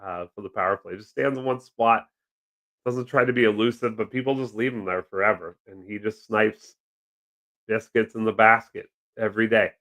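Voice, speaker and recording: A man's voice: lowish voice, steady tone, moderate pace, fairly bright tone. A man hosting a casual live stream from his desk at home, rambling and joking as he reads and answers the chat. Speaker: livestream host. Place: home desk with several monitors.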